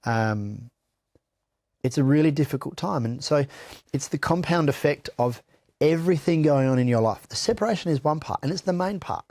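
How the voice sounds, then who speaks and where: A man's voice: a little high, expressive, normal speed, darkish tone, no room sound, studio quality. A middle-aged Australian man giving blunt, candid personal testimony in an interview, swearing freely and often restarting his sentences. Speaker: interview guest.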